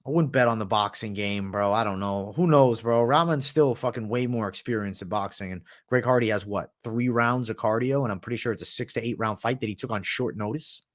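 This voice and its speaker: A male livestream host from the United States speaks briskly in a lowish voice with hardly any pauses. He chats casually while answering viewer questions, staying laid-back and profane and saying "bro" a lot.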